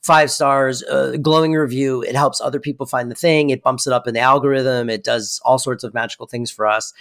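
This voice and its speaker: A man co-hosting a podcast in casual chat, teasing and joking dryly. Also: mid-range voice. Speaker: podcast co-host.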